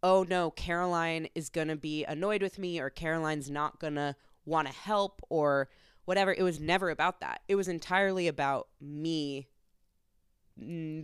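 A woman's voice: low voice, moderate pace, clear, resonant tone, no echo, studio quality. A woman co-hosting a casual podcast, speaking candidly and confessionally with loose phrasing. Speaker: podcast co-host. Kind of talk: casual chat.

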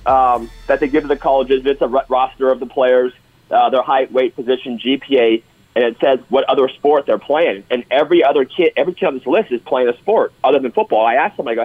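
Husky-voiced male co-host, enthusiastic storyteller, muffled audio. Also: medium pitch, quick pace. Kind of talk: casual sports talk.

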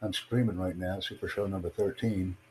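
A man's voice: sits low, fairly even intonation, brisk, darkish tone, slight background noise, poor audio. A man hosting his own livestream podcast, chatting casually with callers in a rambling, repetitive, self-promoting way. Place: in the United States.

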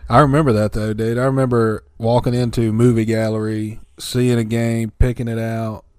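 A man's voice: mid-range voice, level tone, moderate pace, a little mellow, smooth, no echo. Young man, casual chat, laid-back storyteller, says dude, dry close sound.

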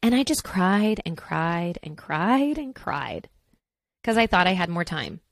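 A woman's voice: on the low side, big pitch swings, measured pace, creaky, no echo. A woman in her thirties hosting her own podcast, talking casually in a rambling, chatty way with lots of asides. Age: 30s. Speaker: podcast host. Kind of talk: casual solo podcast chat.

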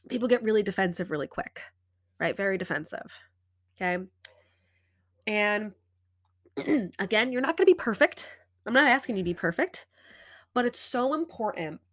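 Animated woman podcast host, dry sound. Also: mid-range voice, dry recording. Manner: animated, acts out inner dialogue. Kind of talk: casual advice talk.

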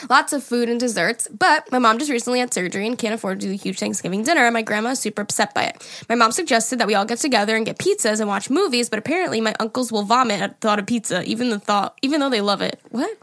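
A young woman with a fairly high voice co-hosts a casual podcast, reading listener emails aloud. She jokes around, swears freely and laughs often. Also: fast talker, fairly bright tone. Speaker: podcast co-host.

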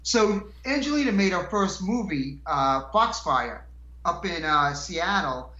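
Rambling man with a bright voice. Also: high voice, expressive, unhurried, reverberant, muffled recording. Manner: rambling, laughs often, restarts lines. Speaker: guest. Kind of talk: casual storytelling chat.

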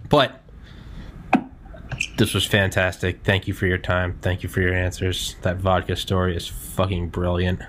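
A man's voice: low-pitched, flat delivery, measured pace, fairly bright tone, a little hiss or hum. A man hosting a podcast in casual chat, laid-back and swearing freely. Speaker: podcast host.

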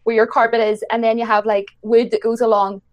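A woman's voice: a little high, flat delivery, a little fast. A woman from Ireland with an Irish accent, chatting casually and laughing often. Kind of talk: casual chat.

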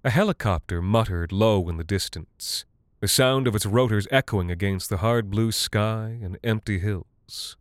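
A man narrating a dark literary story in a measured, deadpan way. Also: on the low side, dry recording, studio quality.

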